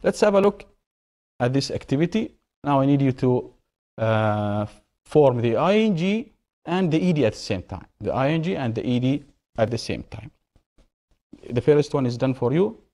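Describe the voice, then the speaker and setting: A man's voice: medium pitch, very animated, moderate pace, warm tone. A man teaching an English grammar lesson, asking questions and answering them himself while repeating key words.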